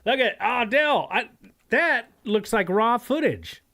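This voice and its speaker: A man's voice: extremely high pitch, sing-song, slow pace, creaky, pushed and bright. Rambling, profane streamer guy. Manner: rambling, profane, laughs often, reads chat aloud. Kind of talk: live stream reaction commentary.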